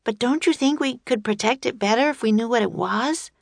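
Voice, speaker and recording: A woman's voice: fairly high pitch, creaky, no room sound, clean studio sound, voice pushed up. Woman doing a bold curious young girl, Annie. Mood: eager. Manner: eager, quick suggestions.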